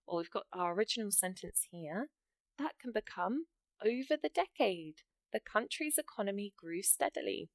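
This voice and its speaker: Preparing students for a writing exam, a woman speaks at a moderate pace in a mid-range voice with lively intonation. She encouragingly works through example sentences one step at a time to explain the grammar, with no echo in the recording.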